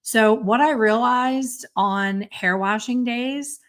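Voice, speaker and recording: A middle-aged woman hairstylist hosting a casual solo podcast, chatty and self-deprecating with quick asides. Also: on the high side. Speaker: podcast host and hairstylist educator.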